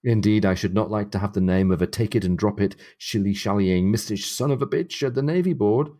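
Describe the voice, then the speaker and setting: A man reading aloud as a reserved, deliberate male ship's physician who speaks in measured, formal, old-fashioned phrases. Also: on the low side, mellow, close to an everyday voice. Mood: earnest. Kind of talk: reading a novel passage aloud.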